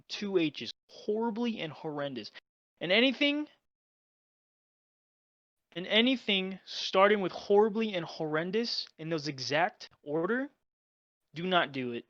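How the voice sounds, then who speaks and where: Animated young man telling a story. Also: dry recording, highs cut off. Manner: dramatic, exaggerated, swings between loud outbursts and low mutters. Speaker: guest storyteller. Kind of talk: casual storytelling.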